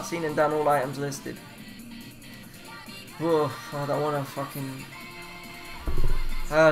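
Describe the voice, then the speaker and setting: Guy mumbling thru japanese phrases at his computer, kinda high voice, faint music behind. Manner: rambling, swears, mumbles while reading aloud. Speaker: vlogger. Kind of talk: casual self-taught language study.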